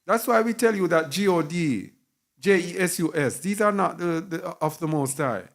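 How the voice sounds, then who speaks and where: A man's voice: fairly high pitch, expressive, normal speed. A man teaching a sermon with emphasis, repeating key words and spelling some out letter by letter. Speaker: Bible teacher.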